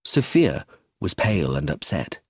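A man reading a novel aloud as an audiobook narrator, in an expressive scripted way. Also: sits low, unhurried, slightly rough, dry recording, studio quality.

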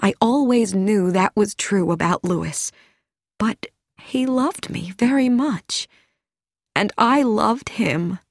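A woman reading an audiobook, voicing a gentle, humble elderly woman who speaks softly and earnestly. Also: mid-range voice, slow, gravelly, dry recording, studio quality. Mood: earnest wistful.

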